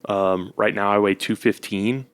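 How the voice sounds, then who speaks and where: A man with a fairly low voice talks casually on a podcast, rambling through his stories. He is self-deprecating and leans on fillers as he goes. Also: steady tone, a little slow, smooth. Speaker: podcast co-host, husband. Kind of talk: casual chat.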